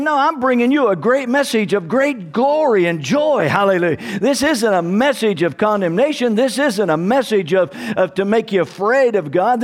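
A man preaching a sermon to his congregation, emphatic and calling out hallelujah and amen. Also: high-pitched. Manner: calls out to the congregation for responses. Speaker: pastor.

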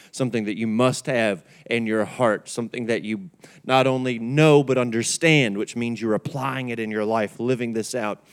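In a church sanctuary, a male pastor delivers a conversational midweek sermon, repeating key words and calling on the congregation to respond. His mid-range voice is clear with a resonant tone.

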